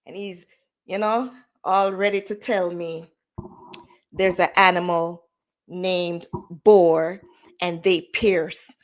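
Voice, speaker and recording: A woman's voice: on the low side, fairly even intonation, slow pace, long pauses. A Jamaican woman in her forties hosting a casual livestream chat, slipping into patois and laughing often. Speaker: livestream host.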